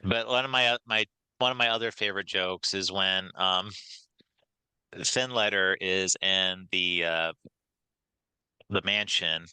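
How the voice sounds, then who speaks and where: A man's voice: deep voice, unhurried, pauses often, clean tone, dry recording, rough recording. A man co-hosting a movie podcast, retelling scenes in casual chat and laughing often. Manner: laughing, animated retelling with put-on quotes. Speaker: podcast co-host.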